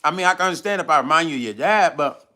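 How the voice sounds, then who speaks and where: Talking rapid-fire in a slightly high voice, a middle-aged man reads his livestream chat aloud. This music vlogger keeps things loose and relaxed, laughing a lot and drifting between subjects.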